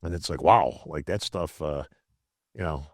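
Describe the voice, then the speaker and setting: A man's voice: a bass voice, unhurried, no echo, studio quality. An older man from upstate New York telling casual stories as a podcast guest, acting out quotes and often asking "right?". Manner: animated, acts out quotes, says "bro" and "right?". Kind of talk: casual storytelling.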